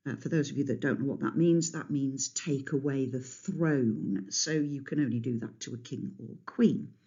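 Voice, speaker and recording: Woman storyteller, chatty, explains as she goes, husky, dull recording. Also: extremely low pitch, moderate pace, hardly any pauses, warm tone. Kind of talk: storytelling to children.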